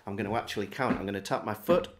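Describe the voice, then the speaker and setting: A man giving a relaxed, step-by-step beginner harmonica lesson. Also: lowish voice, racing, background noise. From England. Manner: friendly, relaxed step-by-step demonstrating. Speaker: harmonica teacher. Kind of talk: casual video lesson.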